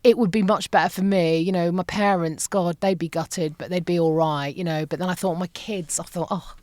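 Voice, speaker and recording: A middle-aged woman speaks as a podcast guest, sharing a painful personal story in a candid, halting way. She often repeats phrases and trails off. The recording is close and dry. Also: lowish voice, fairly even intonation, darkish tone, dry recording.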